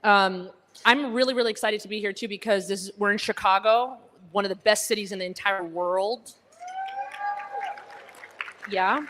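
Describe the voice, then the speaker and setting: A woman's voice: mid-range voice, moderate pace, long pauses, fairly bright tone, slight background noise. Woman stand-up, American accent like someone from Connecticut, at a gala, teasing and self-deprecating. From Egypt, raised in Alabama. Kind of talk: stand-up comedy set. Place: banquet hall with a live audience.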